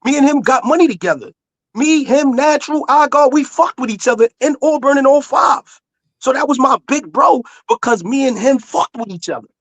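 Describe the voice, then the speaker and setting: A high-pitched man argues hard, circling back to restate his point again and again over interruptions. The sound is dry and close, with no room around it. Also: moderate pace, a bit bright, dry recording. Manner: insistent, repeats himself, talks over others. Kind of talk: heated casual argument.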